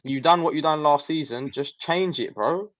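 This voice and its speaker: A man's voice: on the high side, moderate pace, fairly bright tone, no echo. A man in a casual football fan debate, laid-back and slang-heavy. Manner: laid-back, slang-heavy, "you know what I'm saying". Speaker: football fan show co-host. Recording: slightly dull, dry call audio.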